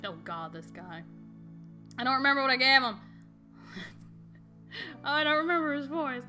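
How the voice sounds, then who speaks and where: A woman's voice: on the high side, lively intonation, brisk, pauses often, sharp tone, soft background music. Giggly young woman playing a game. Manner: giggly, self-mocking asides. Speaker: let's-play host. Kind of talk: casual game commentary and reading dialogue aloud.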